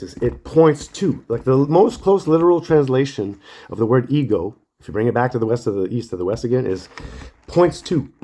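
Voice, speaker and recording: A man's voice: mid-range voice, slight background noise. A man talking in a casual, rambling monologue, acting out quotes, swearing freely and laughing at himself. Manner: animated storytelling, acts out quotes, swears freely; self-deprecating, often apologizes and laughs at himself.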